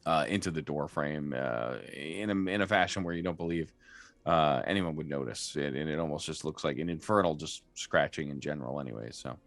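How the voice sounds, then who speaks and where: With a fairly quick bass voice and no echo, a man acts as game master for a tabletop game, describing scenes hesitantly with many fillers and restarts.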